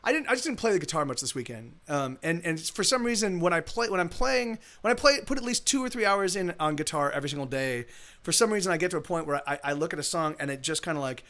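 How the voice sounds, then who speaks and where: Fast-talking and animated, with a fairly high pitch and sharp tone, a man streams live as a musician. Guitar plays behind him as he rambles casually between songs, restarting repeatedly.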